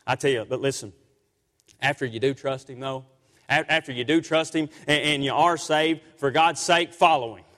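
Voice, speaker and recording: A man's voice: medium pitch, moderate pace, a bit bright. A man preaching a sermon as pastor, repeating himself, stammering and asking rhetorical tag questions, with King James wording. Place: church sanctuary. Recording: long church hall reverb.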